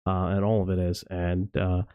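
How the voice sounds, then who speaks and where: A man hosting a live stream in casual chat, rambling and swearing, who drops to a low mumble when he thanks his chat. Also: level tone, normal speed, clear, resonant tone, highs cut off. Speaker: stream host.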